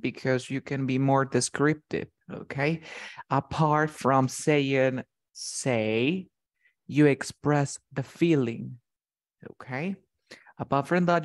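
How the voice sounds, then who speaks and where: A man teaching a vocabulary lesson at an unhurried, deliberate pace. He speaks in a middle-range voice, repeats his points patiently and checks often that his student follows. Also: medium pitch. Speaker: English teacher.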